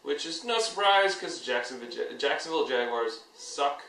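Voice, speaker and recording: Bright, lively man joking with friends. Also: a little high, moderate pace. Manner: crude, joking, laughs often. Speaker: podcast co-host. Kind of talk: casual beer-drinking chat. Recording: roomy sound, mic at a distance.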